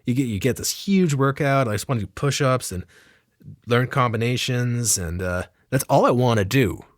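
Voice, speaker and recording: Male storyteller, casual comic monologue, profane and rambling, mid-pitched, dry close sound. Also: normal speed, no room sound. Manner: profane, rambling, self-mocking.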